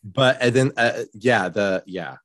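A man's voice: fairly low pitch, slow pace, a bit bright, no echo, clean studio sound. A man co-hosting a podcast in casual chat, dropping wry, sassy asides. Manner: wry, sassy asides, lots of short backchannel. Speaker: podcast co-host.

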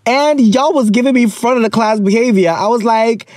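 A man's voice: extremely high pitch, normal speed, a little mellow, no echo, clean studio sound. A man in his thirties hosting a casual chat show, playful and chatty, mixing in local slang. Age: 30s. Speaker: podcast host.

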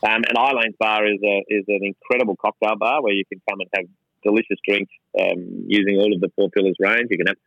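A middle-aged Australian man, co-founder of a gin company, talks as an interview guest in the distillery lab, casual and irreverent, mocking himself and restarting often. His voice is on the low side, flat and quick with vocal fry, and the lo-fi recording has no echo.

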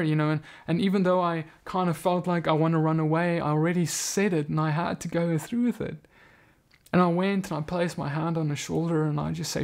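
A man telling a personal testimony in an earnest, halting way, with frequent restarts. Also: a little high, steady tone. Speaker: speaker giving a testimony.

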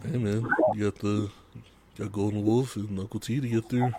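A man's voice: on the low side, flat delivery, normal speed, heavy background noise. A man co-hosting a podcast, chatting in a laid-back way with dry remarks. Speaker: podcast co-host. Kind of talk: casual banter.

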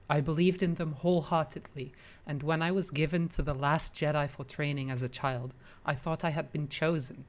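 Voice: medium pitch, close to an everyday voice. A grave self-proclaimed prophet, told plainly by a player. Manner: plain, measured dramatic monologue in own voice. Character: fallen Jedi prophet of a new light side, grave and driven. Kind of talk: in-character monologue.

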